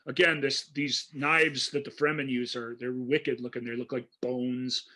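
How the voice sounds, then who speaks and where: A man's voice: medium pitch, moderate pace. A man co-hosting a podcast, chatting casually about a film and acting out its lines with gusto. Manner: animated, acts out lines from the film. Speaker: podcast co-host. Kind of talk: casual movie discussion.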